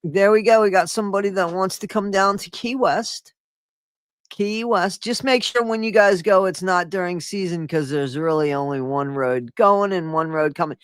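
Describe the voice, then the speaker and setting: A woman hosting a live stream, chatting casually and excitably with her viewers. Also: fairly low pitch, normal speed, clear, resonant tone, no echo. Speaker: streamer host.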